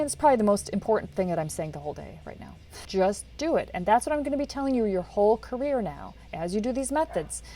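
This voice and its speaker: A woman hosting a podcast, giving casual, energetic career advice and acting out quoted lines. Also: medium pitch. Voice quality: swears casually. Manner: energetic, acts out quoted lines, laughs often. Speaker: podcast host and film career coach. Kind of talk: casual motivational talk.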